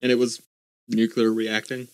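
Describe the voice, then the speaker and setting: A man's voice: mid-range voice, monotone, normal speed, clean tone, no echo. A man co-hosting a casual podcast, thinking aloud and reading bits of articles as he talks. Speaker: podcast co-host. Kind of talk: casual chat.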